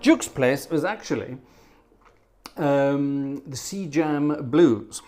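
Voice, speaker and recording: An older man with a voice on the high side and a darkish tone draws out his words. He hosts an organ livestream and chats casually between pieces, rambling and self-deprecating, chuckling and restarting as he tells a playful story and puts on little voices.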